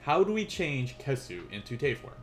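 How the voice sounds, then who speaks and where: A man's voice: mid-range voice, sing-song, moderate pace, slight background noise. A young man teaching a casual beginners' language lesson on a live stream, playful and chatty, often laughing at his own asides.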